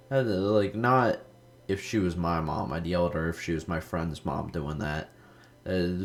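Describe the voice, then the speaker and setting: A young man with a very low voice talks over his gameplay in a loose, rambling way. He drifts into stories, swears freely and fills his sentences with "like," sounding like a casual gaming host. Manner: rambling storytelling, heavy swearing, lots of "like".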